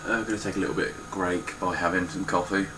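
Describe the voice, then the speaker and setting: Blunt, low-voiced man. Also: fairly even intonation, fast talker, background noise. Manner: blunt, swears freely. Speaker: game collector. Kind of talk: casual spoken collection walkthrough.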